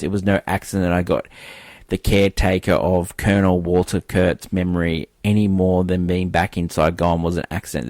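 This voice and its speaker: A brooding, hard-bitten army captain, as a man reads him out in a low, slow voice. The delivery is heavy and unhurried. The recording is dry and close. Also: a little mellow, no echo.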